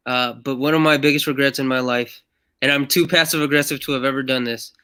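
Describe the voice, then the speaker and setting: Bright, smooth-voiced podcast host. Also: male voice, medium pitch, steady tone, quick pace. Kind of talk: casual chat.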